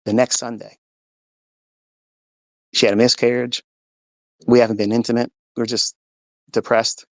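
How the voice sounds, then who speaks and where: A man's voice: mid-range voice, flat delivery, measured pace, dry recording. A man telling an emotional personal testimony in an earnest storytelling way, acting out the dialogue. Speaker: speaker sharing a testimony.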